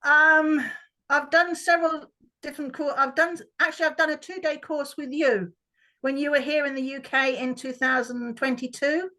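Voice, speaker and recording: High-voiced woman telling a story. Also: steady tone, normal speed, bright, forceful tone, low-quality recording. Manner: chatty, with restarts. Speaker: workshop participant. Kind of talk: personal story on a video call.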